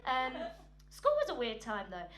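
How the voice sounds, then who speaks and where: A woman's voice: a little high, moderate pace. Chatty woman doing stand-up. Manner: chatty and self-mocking, with frequent ums and laughter. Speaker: stand-up comedian. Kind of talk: anecdotal stand-up comedy. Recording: steady hum in the background.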